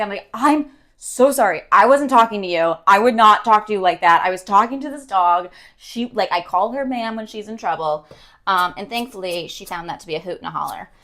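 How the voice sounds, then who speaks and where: A woman's voice: medium pitch, a bit bright. A young woman streaming, chatting casually, rambling and giggling with many ums.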